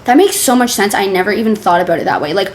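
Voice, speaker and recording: A woman's voice: medium pitch, animated, fast, slight background noise. A young woman streamer reacting to forum posts, reading them aloud in a casual, sarcastic way that is full of laughter and swearing. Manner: chatty, sarcastic, swears freely, laughs often.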